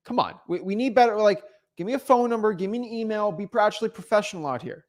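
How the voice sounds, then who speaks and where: A real estate wholesaling coach hosts a livestream, talking quickly in a high-pitched voice. His unscripted coaching is blunt and teasing, and he often stumbles and repeats words.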